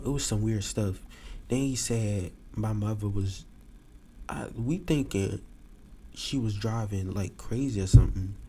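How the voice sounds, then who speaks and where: A young man talking on a live-streamed podcast, his voice low and mellow. He tells a story in a loose, animated way and leaps up in pitch whenever he acts out a quote. Faint room hum sits behind him. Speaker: podcast host. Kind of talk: casual storytelling to a live audience.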